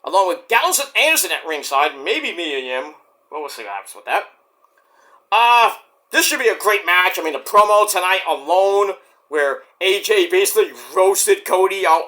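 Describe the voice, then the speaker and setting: Animated rambling man on a wrestling podcast. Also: high-pitched, moderate pace. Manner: rambling, animated, swearing and acting out scenes. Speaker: podcast host. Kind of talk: casual wrestling chat.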